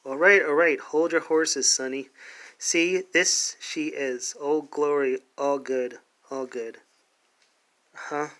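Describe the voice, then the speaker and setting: A man voicing a folksy male guide from a comic, brisk and reassuring. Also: fairly high pitch, steady tone, a bit bright. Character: folksy male guide hurrying heroes along.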